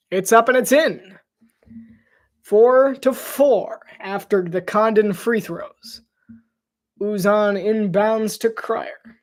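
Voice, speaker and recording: In a high voice, a man provides amateur live commentary on a basketball game all by himself. Excitement lifts his voice on the big plays, and players' names sometimes trip him up.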